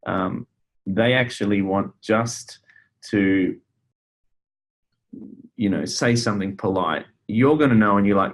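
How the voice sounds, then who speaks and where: A man's voice: lowish voice, slow pace, pauses often. Man teaching a casual webinar. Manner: conversational, with frequent fillers and restarts. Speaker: counselor and webinar presenter.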